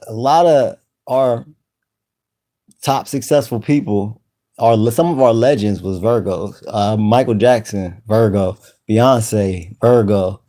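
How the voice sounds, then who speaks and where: A man hosting a casual live stream, greeting viewers by name in relaxed slang. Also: medium pitch. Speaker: channel host.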